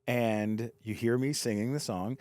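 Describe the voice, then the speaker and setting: A man's voice: medium pitch, steady tone, measured pace, a little mellow, dry recording. A man telling a long story as a podcast guest, with frequent stammered restarts and a cursing punchline delivery. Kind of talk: animated storytelling.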